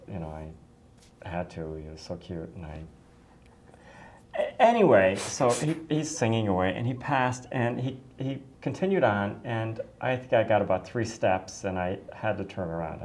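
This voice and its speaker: A woman's voice: very deep voice, creaky, darkish tone, a little hiss or hum. A middle-aged woman from the United States casually telling a personal story, effusive and rambling, with many restarts and fillers.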